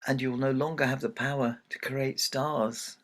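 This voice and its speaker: A man voicing a gentle, hesitant moon father in a told folktale. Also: mid-range voice, fairly even intonation, moderate pace, lightly acted. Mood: pleading. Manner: soft, hesitant, pleading.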